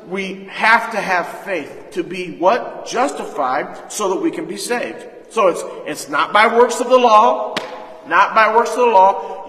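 A pastor with a high, bright voice preaches a sermon in a church hall, tossing call-and-response questions out to the congregation. The hall's acoustics make the recording echoey.

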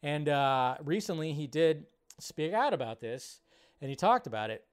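Animated man with a high voice. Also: moderate pace, very noisy. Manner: animated, swears, laughs, swings loud and quiet. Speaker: movie news host. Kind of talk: casual live-stream rant.

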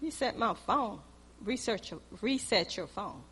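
A woman preacher delivering a sermon in storytelling style, swinging between loud exhortation and quiet asides, recorded in a church. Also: mid-range voice, lively intonation, a little slow, slightly rough, big-room sound.

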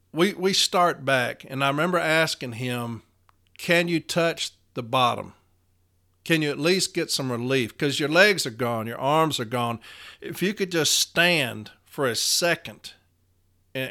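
A man from Nashville, retelling a personal story in an emotional, halting way with repeated words. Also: mid-range voice, pushed and bright. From Nashville, Tennessee.

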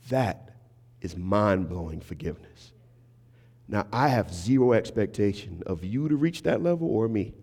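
A man delivers a sermon as a guest preacher, his voice low and mellow. He preaches in a relaxed storytelling way, speaking straight to the congregation. The sound carries a long reverb, as in a large church sanctuary. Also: moderate pace. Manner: conversational storytelling, acting out quoted voices; engages the congregation with asides. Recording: reverberant hall.

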